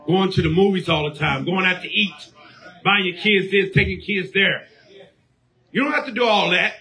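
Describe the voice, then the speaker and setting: High-voiced preacher man shouting sermon. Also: moderate pace. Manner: preaching call-and-response, rising to shouts.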